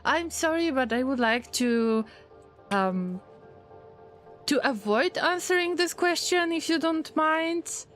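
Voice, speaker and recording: A woman's voice: sits high, lively intonation, slow pace, a bit bright, faint music behind. A woman streaming a game and chatting with her viewers in English, which is not her first language. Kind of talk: casual livestream chat while gaming.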